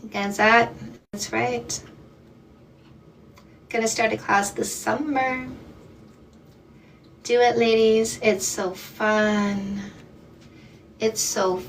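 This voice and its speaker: A woman from Canada hosting a live dating-coach stream, talking slowly and emphatically and encouraging her callers. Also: on the high side, fairly even intonation, recorded from a distance, slight background noise. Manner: slow, emphatic, encouraging, calls people "my love" and "ladies".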